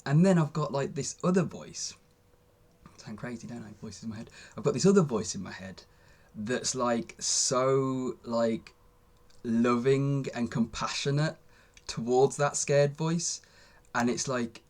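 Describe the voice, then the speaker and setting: A man's voice: mid-range voice, a little slow, a little mellow. A young man vlogging a casual, rambling monologue, with lots of fillers and restarts.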